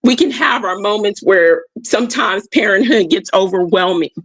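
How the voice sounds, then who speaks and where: A livestream host with a mid-range, slightly breathy voice speaks at normal speed, recorded on a streaming mic with no room sound. Her motivational reflections lean on repeated key phrases, and she keeps checking in with listeners, warmly addressing them as "y'all."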